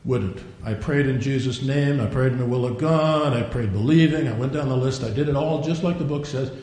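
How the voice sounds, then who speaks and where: A man's voice: a little fast, a little mellow. An older man preaching a sermon, a digressive storyteller who acts out the quotes he tells. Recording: very echoey room, faint rumble.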